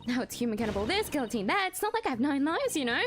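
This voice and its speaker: Girl reading a jumpy young lady lawyer from a visual novel, quick and fretful, highish voice. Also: sing-song, soft background music. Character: young woman defense attorney, earnest, anxious.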